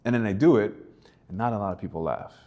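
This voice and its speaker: A young man from Canada, an actor guest in a casual interview, telling animated stories and acting out quotes with laughs. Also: on the low side, fast, highs cut off.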